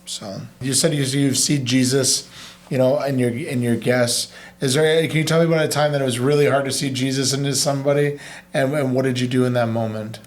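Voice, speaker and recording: A man hosting a casual interview show, easygoing and affirming, talking in halting restarts. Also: mid-range voice, steady tone. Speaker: podcast host.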